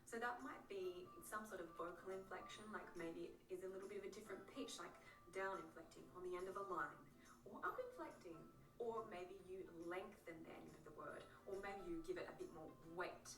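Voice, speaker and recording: A woman explaining poetic rhythm in a video lesson, demonstrating patterns aloud in a lively way. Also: lowish voice, a little fast. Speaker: acting teacher in a video. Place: video played on a stream. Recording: roomy, distant, music behind.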